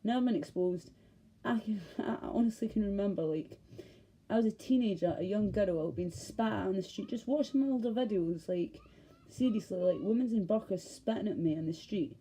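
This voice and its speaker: A woman's voice: mid-range voice, moderate pace, dark tone, slightly rough, poor audio. A woman with a Glaswegian accent, talking to camera in a passionate, profane, rambling monologue. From Scotland. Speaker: vlogger. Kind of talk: ranting monologue.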